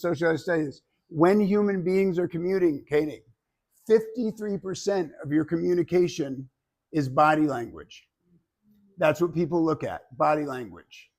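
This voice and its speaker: Male speaking coach, lively and chatty before students, a bit higher pitch, fry in the voice. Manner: energetic, conversational, checks in with "right?". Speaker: public speaking teacher. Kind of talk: classroom lecture. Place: classroom with live students.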